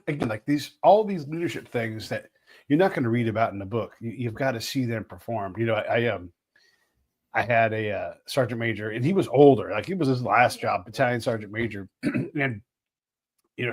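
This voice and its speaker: A man in his forties hosting a conversation, talking in an animated, rambling way with many restarts. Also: medium pitch, normal speed. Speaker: podcast host. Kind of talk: casual chat.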